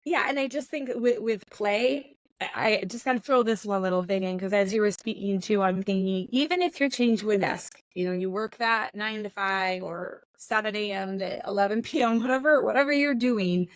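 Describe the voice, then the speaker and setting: A middle-aged woman hosting a podcast, chatting in a lively, storytelling way with quick asides. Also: medium pitch, no echo. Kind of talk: casual conversation.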